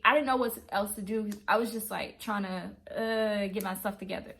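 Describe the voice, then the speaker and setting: A woman telling a true travel story in a casual, animated way, acting out her own reactions. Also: mid-range voice, moderate pace, gravelly. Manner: animated, excitable retelling. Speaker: travel vlogger.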